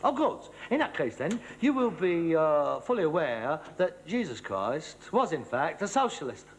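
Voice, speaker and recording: A man's voice: a little high, very animated, measured pace, noisy background. An actor playing an exasperated, pompous socialist son, ranting and stumbling over his words. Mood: lecturing. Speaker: sitcom actor. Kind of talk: studio sitcom acting. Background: studio audience laughter.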